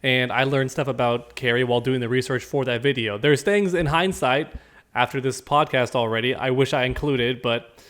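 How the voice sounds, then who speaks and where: Male podcast co-host, mid-pitched, relaxed and wisecracking. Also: moderate pace. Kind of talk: casual chat.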